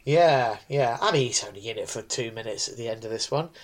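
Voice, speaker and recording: A man's voice: mid-range voice, lively intonation, fairly quick. A man cohosting a casual podcast, answering with dry, wry remarks. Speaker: podcast co-host.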